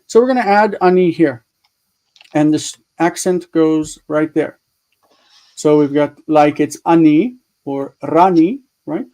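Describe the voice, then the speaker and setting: Through a low-quality recording comes a man's fairly high, dark voice, speaking slowly as he teaches grammar live over a video call. Talkative and musing aloud while he fiddles with his screen, he walks through points patiently with repeated examples.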